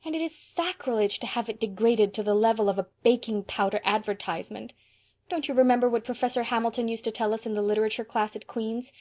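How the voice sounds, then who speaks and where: A woman's voice: fairly high pitch, mellow, lightly acted. A woman reading an audiobook, voicing a sensitive, imaginative young woman who speaks with emotional, imploring intensity. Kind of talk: audiobook character voice.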